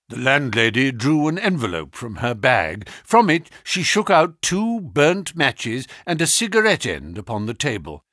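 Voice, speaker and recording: A man giving scripted narration of a story in a calm storytelling manner. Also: mid-range voice, measured pace, few pauses, dry recording, clean studio sound. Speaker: audiobook narrator.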